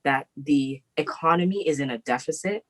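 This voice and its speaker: A woman's voice: sits low, moderate pace, low-quality recording. A woman co-hosting a podcast, chatting casually and emphatically, often breaking into laughter. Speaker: podcast co-host. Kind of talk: casual chat.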